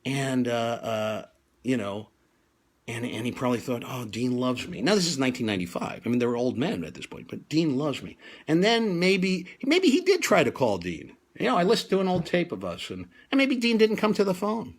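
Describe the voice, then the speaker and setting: A man who hosts a comedy show tells a comic story in an animated way, acting out voices and restarting his sentences often. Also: medium pitch, fairly quick. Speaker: comedian host.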